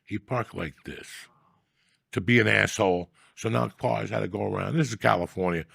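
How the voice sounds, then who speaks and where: A man with a heavy, gravelly fry in his voice rants through comic stories on a podcast. His delivery is profane and animated, and it jumps to loud outbursts when he acts out a scene. The sound is close and dry, with no room in it. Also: fairly low pitch, normal speed, no room sound. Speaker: podcast host. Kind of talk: casual comedic storytelling.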